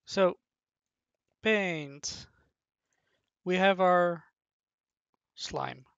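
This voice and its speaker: A commentator who rambles playfully and haltingly through a casual talk while drawing, on a dull, dry lo-fi mic. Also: medium pitch, creaky, fairly bright tone, clear, resonant tone, dry recording.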